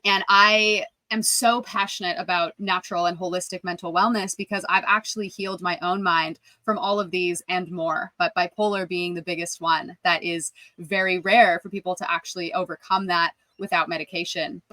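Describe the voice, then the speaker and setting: A woman's voice: on the low side, steady tone, normal speed, hardly any pauses, sharp tone, no room sound, poor audio. A woman guest on a podcast, speaking earnestly and openly about her work as a wellness coach. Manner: earnest, heartfelt, open. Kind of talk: casual interview answers.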